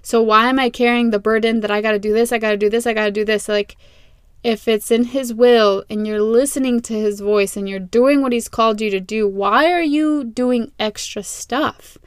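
A young woman hosting a casual faith podcast from her closet, chatty and animated, repeating herself and laughing at herself. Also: on the high side, normal speed, clear, resonant tone, no room sound, clean studio sound. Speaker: podcast host. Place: small closet. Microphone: close podcast mic.

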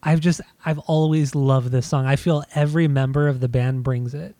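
A man's voice: medium pitch, fairly even intonation, normal speed, warm tone, no room sound. A man co-hosting a casual music discussion, insistent and restarting his sentences often. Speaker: podcast co-host.

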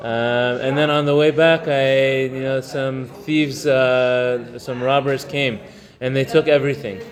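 A man giving an informal Torah lesson, talking conversationally, mixing in Hebrew terms and telling stories with halting fillers. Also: medium pitch, flat delivery. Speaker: Torah class teacher. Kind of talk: informal religious lesson with storytelling.

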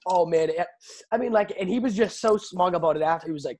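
Young male host, higher pitch, casual animated fight talk, laughs a lot, stammers. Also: quick pace, a little hiss or hum. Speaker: podcast host. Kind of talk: casual chat about fights.

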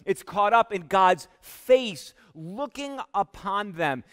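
Male pastor, sermon delivery, high voice, unhurried, long hall reverb. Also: expressive, clear, resonant tone. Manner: slow, emphatic preaching that drops to a hush on key words.

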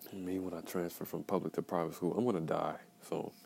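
A young man from Georgia with a deep, low voice talks alone on his podcast in a raw, profane ramble. He drifts between quiet muttering and sudden loud outbursts. A faint hum of the room sits behind him. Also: creaky, rough recording. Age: young adult. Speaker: podcast host. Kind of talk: raw solo podcast monologue.

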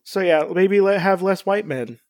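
A man's voice: high-pitched, normal speed, darkish tone, no room sound. Rambling casual man, dry close sound. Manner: rambling, many fillers and restarts, jokey. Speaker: podcast co-host. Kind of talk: casual chat.

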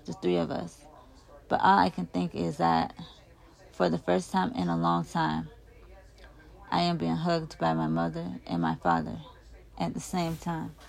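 A woman reading a first-person novel aloud in an expressive, emotive way, getting louder on the shouted lines. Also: on the low side, gravelly. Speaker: audiobook reader.

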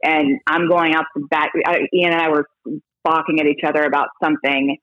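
A woman's voice: low-pitched, fairly quick, no echo. Chatty woman, dry muffled sound. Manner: animated, chatty storyteller with many restarts. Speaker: baseball broadcast reporter, interview guest. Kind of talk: casual interview talk.

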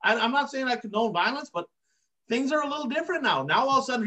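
Quick, sharp, and very high-pitched, the voice of this racing podcast host is highly animated. He rants emphatically through heated, casual dirt track racing commentary, pounding on his points with recurring catchphrases.

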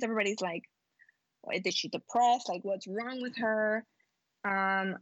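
A woman entrepreneur appears as a podcast guest, speaking casually in a mid-range voice that is pushed and bright, with no echo. She rambles and reflects, frequently acting out what she used to think.

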